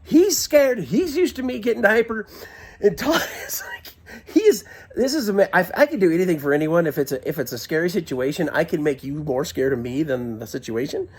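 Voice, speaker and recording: A man telling a comic personal story into a handheld camera, excitable and prone to giggling, shouting when he quotes himself. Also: on the high side, brisk, slightly rough.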